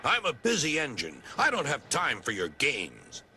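A man's voice: medium pitch, huge pitch swings, normal speed, sharp tone, slight background noise, pitched above the performer's own voice, full character voice. A man with an American accent voicing a haughty, busy big male express engine. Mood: dismissive. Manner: haughty and dismissive.

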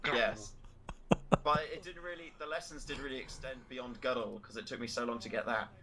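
A man's voice: medium pitch, brisk, pushed and bright, slight background noise. A man chatting casually on a gaming stream, playful and laughing often.

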